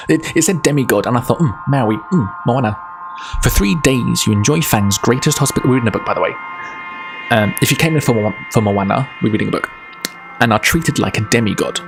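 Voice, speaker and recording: Gravelly-voiced man streaming live, chatty and rambling, with faint music underneath. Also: mid-range voice. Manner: rambling, self-interrupting, quick to laugh. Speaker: livestreamer reading a book aloud. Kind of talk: casual livestream chat and book reading.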